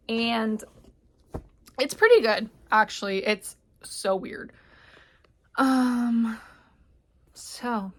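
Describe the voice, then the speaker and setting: A young woman chatting casually about a book she read, animated and full of fillers. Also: medium pitch. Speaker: book reviewer. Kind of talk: casual vlog book review.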